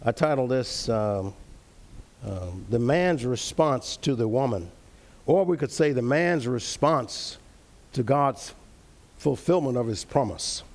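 Earnest and animated, this man guides an interactive Bible study, reading verses at a slow pace and repeating important phrases. His medium-pitched voice has a darkish tone.

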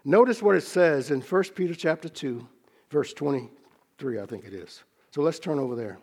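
A man preaching a sermon, teaching from scripture in a measured, earnest way and slowing down to stress key phrases. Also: a little high, animated, a little mellow, breathy edge.

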